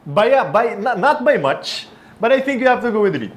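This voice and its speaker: A man with a Filipino accent co-hosting a casual basketball talk show, animated and prone to repeating words while he thinks. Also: extremely high pitch, brisk. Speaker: podcast co-host.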